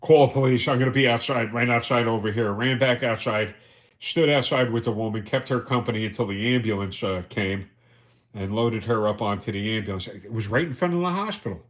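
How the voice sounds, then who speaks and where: A man's voice: mid-range voice, brisk. A man hosting a livestream, telling rambling, profane anecdotes and chuckling as he goes. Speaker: livestream host. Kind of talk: casual storytelling.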